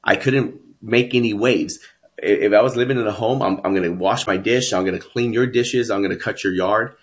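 A man's voice: fairly low pitch, brisk. A man from Texas telling his life story as a guest, earnest and emphatic. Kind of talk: personal storytelling.

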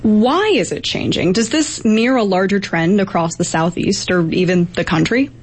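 A woman interviewing a guest on public radio, asking crisp, curious questions. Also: medium pitch, expressive, moderate pace.

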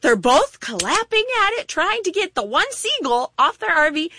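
A woman's voice: a little high, normal speed, dry recording. A woman preaching a sermon, telling stories and acting out little voices as she goes. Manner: animated storytelling with acted-out voices.

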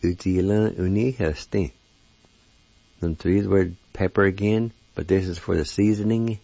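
A man's voice: low-pitched, steady tone, a little fast, creaky, dark tone, dry recording. A man teaching a language lesson, carefully spelling and repeating each word in a dull lo-fi recording. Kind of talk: slow word-by-word pronunciation lesson.

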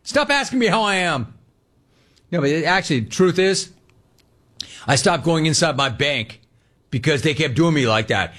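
An older man hosts a call-in radio show and rants with comic exasperation. His pitch swings widely as he mocks people, and he keeps the talk loose and conversational. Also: normal speed, long pauses. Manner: animated rant with mocking voices. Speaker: sports radio host.

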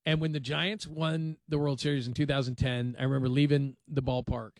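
A man's voice: medium pitch, level tone, brisk, darkish tone, no echo. A man hosting a sports talk radio show, rambling and conversational with dry sarcasm. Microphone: studio microphone.

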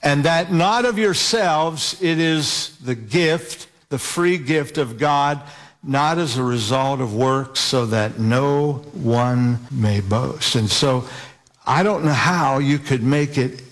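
A man preaching a sermon in an earnest, deliberate way, spelling out key words slowly. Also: mid-range voice. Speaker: pastor.

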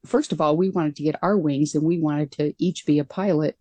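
A woman's voice: sits low, fairly even intonation, brisk, warm tone, no room sound. A woman who was a military pilot, telling her story as a radio interview guest in an earnest, reflective way.

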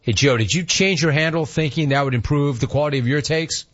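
A male sports radio host tears into his callers with mocking, amused rants full of rhetorical questions. His voice sits a little high for a man. The broadcast sound is dull and lo-fi. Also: a little fast. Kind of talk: sports talk radio monologue.

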